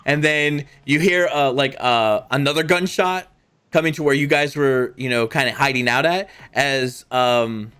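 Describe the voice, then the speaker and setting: A man's voice: medium pitch, unhurried, fairly bright tone, smooth. A man narrating a tabletop game as game master, rambling with many fillers. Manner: rambling, lots of fillers and voiced asides.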